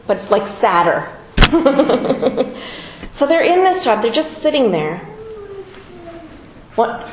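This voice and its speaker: A woman giving a talk in a casual, joking manner. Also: fairly high pitch. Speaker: speaker. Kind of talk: presentation talk. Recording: echoey room recording with faint noise.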